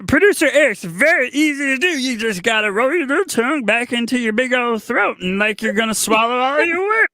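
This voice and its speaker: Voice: medium pitch, animated, brisk, hardly any pauses, bright, forceful tone, dry recording. A radio co-host joking casually with the others. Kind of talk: casual chat.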